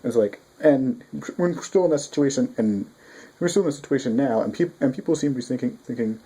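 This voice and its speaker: A man giving a casual spoken manga review, rambling and excitable, with frequent restarts and swearing. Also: mid-range voice, a little fast, breathy edge.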